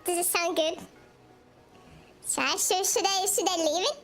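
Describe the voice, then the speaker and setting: A woman streamer talking through a voice changer that turns her into a high, cutesy girl voice, giggly and teasing over her gameplay. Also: fairly even intonation, normal speed. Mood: playful. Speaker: game streamer. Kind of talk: casual gameplay chat. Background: game music.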